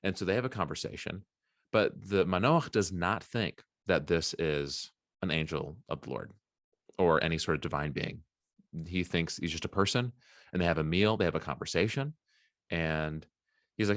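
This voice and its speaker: A man co-hosting a casual Bible podcast, retelling a story in a lively way and acting out the quotes. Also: deep voice, normal speed, dry recording, clean studio sound. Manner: animated retelling with acted-out quotes. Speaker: podcast co-host.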